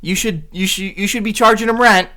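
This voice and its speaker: A young man putting on a higher voice to mimic a nosy female cashier who scolds him about who pays. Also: fairly quick, sharp tone. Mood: nosy, scolding. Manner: prying, scolding. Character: nosy middle-aged woman cashier, pushy and judgmental.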